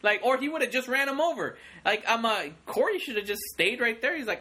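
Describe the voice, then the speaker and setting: A young man co-hosting a casual movie chat, rambling and excitable with many restarts. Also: extremely high pitch, brisk, hardly any pauses. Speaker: podcast co-host.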